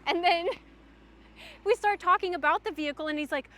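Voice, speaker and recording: High bright chatty young woman. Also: moderate pace, long pauses. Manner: chatty, animated, frequent "like" fillers. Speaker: livestreamer. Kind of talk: casual storytelling to chat.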